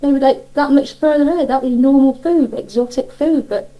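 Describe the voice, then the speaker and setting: A woman's voice: high-pitched, fairly quick, muffled recording. Chatty Cornish woman reminiscing. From Cornwall, England. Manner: chatty, rambling, frequent laughs and self-corrections. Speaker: interviewee. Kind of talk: casual reminiscing interview.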